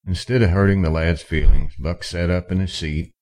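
A male audiobook narrator reads a western in a calm, even pace. His voice sits extremely low. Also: moderate pace. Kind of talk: scripted narration.

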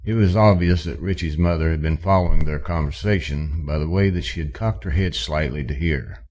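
A man reading a western story aloud in steady, measured narration. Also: very deep voice. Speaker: audiobook narrator. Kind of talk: scripted narration.

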